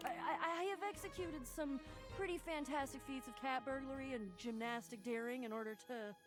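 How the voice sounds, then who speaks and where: A woman's voice: sits high, normal speed, over music, lightly acted. A woman voicing a boastful, theatrical female treasure thief in a video game, grandiose and a little flustered. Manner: grandiose, self-praising, flustered.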